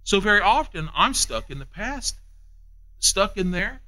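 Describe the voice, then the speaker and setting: Male preacher, emphatic and repetitive, animated pitch swings. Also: unhurried, low-quality recording. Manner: emphatic, repeats phrases, swings between hushed and raised. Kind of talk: sermon.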